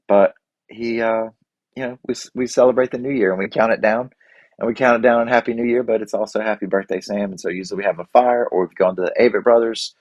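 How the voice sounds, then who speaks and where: Folksy, low-voiced man in his forties. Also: steady tone, fast, darkish tone, no echo, highs cut off. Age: 40s. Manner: rambling, self-deprecating, folksy. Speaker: podcast host. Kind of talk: casual reflective monologue.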